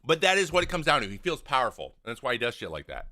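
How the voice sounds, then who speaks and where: A man's voice: mid-range voice, rapid-fire. A man hosting a casual talk show, breaking down a game clip, blunt and exasperated, acting out what players say. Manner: animated, acts out what players say. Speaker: host, former pitcher. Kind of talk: casual video breakdown commentary.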